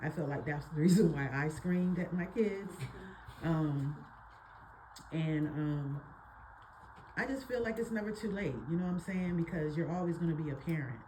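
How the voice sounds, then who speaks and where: Woman, low mellow voice, reflective audience comment, faint noise. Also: moderate pace. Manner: reflective, open. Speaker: audience member. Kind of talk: personal comment in discussion.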